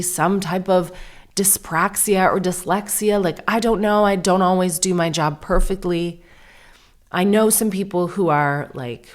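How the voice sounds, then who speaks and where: A woman podcast host in her thirties, chatty and self-deprecating, telling a long story and acting out the dialogue. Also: on the low side. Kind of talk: casual storytelling monologue.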